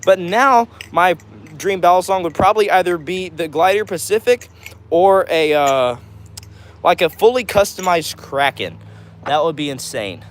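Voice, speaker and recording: A male livestream host chats casually with his viewers, answering their comments one after another. His voice sits a bit high for a man, and he talks in an upbeat, rambling way. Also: expressive, measured pace, slight background noise. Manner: chatty and upbeat, many fillers like "all right".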